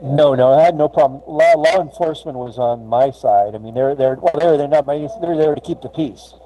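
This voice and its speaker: A grieving man tells a personal story in an interview, halting and restarting often. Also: mid-range voice. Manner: halting, many restarts and fillers. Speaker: guest. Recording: slightly muffled with faint ambience.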